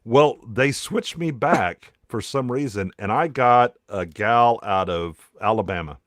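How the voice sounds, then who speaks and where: A man's voice: medium pitch, unhurried, a bit bright, dry recording, clean studio sound. A man from the American South, a podcast guest in casual chat, rambling through a story and swearing freely.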